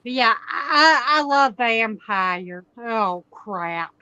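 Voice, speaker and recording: A woman co-hosting a live-stream chat, speaking slowly and casually. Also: a little high, lively intonation, pushed and bright, smooth, dry recording. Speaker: co-host, fellow streamer. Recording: dull lo-fi mic.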